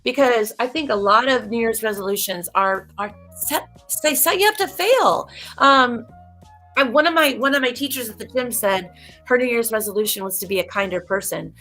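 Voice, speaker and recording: A woman's voice: on the high side, moderate pace, fairly bright tone, soft background music. A woman hosting a casual livestream, talking emphatically and a bit preachily, straight to her viewers. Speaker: livestream host.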